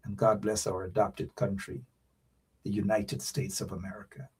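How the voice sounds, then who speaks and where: A man's voice: on the low side, level tone, normal speed, a little mellow, husky. A man hosting a live stream, talking straight to viewers in a preachy, repetitive way as he signs off. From Guyana. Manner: preachy, repeats phrases, addresses viewers directly. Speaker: show host. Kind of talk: casual live-stream sign-off.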